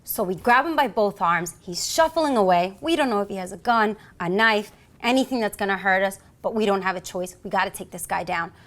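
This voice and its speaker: Her mid-range voice moves briskly as she tells an animated story. She is an American police officer with a New York accent, speaking as an interview guest and playing out the voices of the people in her tale with lively theatrical flair.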